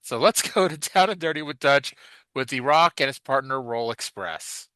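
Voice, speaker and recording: A man's voice: mid-range voice, animated, normal speed, sharp tone, dry recording, low-quality recording. A man hosting a wrestling re-watch podcast in casual chat, joking and swearing freely. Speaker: podcast host.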